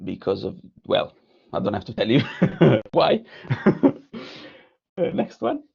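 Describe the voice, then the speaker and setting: A man's voice: fairly low pitch, wildly swooping pitch, slow pace, vocal fry, slightly rough, lo-fi sound. A man with an Italian accent giving a lecture on his art, moving through slides and reading part of a story aloud, hesitant, with many fillers and restarts. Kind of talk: lecture presenting slides, partly read aloud.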